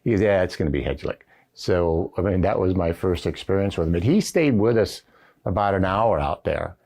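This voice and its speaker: The low, gravelly, slightly mellow voice belongs to an older man who once served as a Marine general. At normal speed he spins folksy anecdotes thick with "uh" and "you know" for an oral history recording, filmed on a camera with the interviewer behind it.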